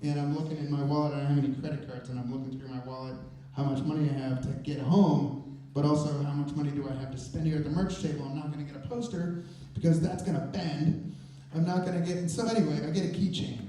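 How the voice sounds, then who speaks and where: A man telling a personal story to a live audience on stage, in a lively conversational way that builds suspense. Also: a little high, fast talker. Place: stage in a performance venue. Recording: very echoey, voice from a distance.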